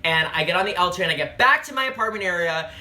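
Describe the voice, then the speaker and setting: A young man telling a comedic dating story to camera, sassy, animated and profane. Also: sits high, fast talker. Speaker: travel vlogger.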